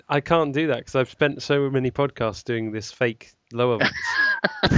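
A man's voice: mid-range voice, slow pace, a bit bright, no room sound, muffled recording. Joking podcast host, man. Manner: self-deprecating, joking, laughs often. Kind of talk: casual chat.

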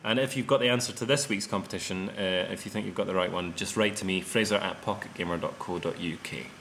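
A man's voice: deep voice, steady tone, fast talker, a bit bright, a little hiss or hum. A man with an Edinburgh Scottish accent co-hosting a podcast in casual chat, joking dryly. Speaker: podcast co-host.

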